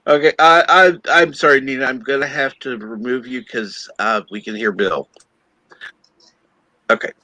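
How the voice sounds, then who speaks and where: Man, stream host, bright voice, hesitant, lots of fillers, casual group chat. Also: medium pitch, fairly even intonation, normal speed, no echo, low-quality recording. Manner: flustered, hesitant, many fillers. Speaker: livestream host.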